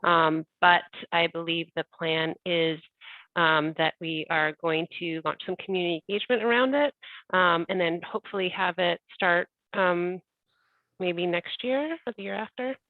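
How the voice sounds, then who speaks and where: A woman on city staff answering a council question in a measured way with frequent pauses. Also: lowish voice, no echo. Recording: tinny dry phone-line audio.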